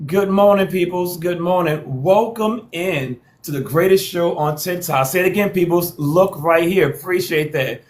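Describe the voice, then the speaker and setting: A man's voice: high-pitched, normal speed, hardly any pauses. A man hosting a live social stream, hyping viewers with repeated calls to follow and share and playful trash talk.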